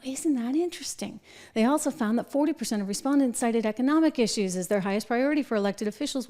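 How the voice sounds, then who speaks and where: Middle-aged woman host; opinionated political commentary, sarcastic and animated, slightly high voice. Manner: sarcastic, animated, mocking asides.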